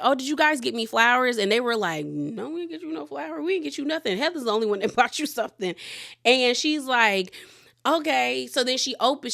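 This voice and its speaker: Woman, chatty gossip recap, slightly high voice, animated retelling. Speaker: reality TV recap reviewer. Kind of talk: casual recap commentary.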